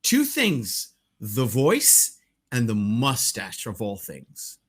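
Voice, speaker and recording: Male podcast co-host, mid-pitched and very expressive, loose casual film chat with plenty of cursing. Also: slow, slightly rough. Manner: animated, swears freely, laughs often. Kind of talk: casual movie discussion.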